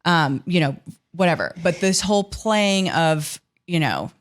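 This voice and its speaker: A woman's voice: on the low side, animated, measured pace. A woman in her thirties co-hosting a podcast, chatting candidly about her kids and laughing as she swears. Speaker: podcast co-host. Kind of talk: casual chat.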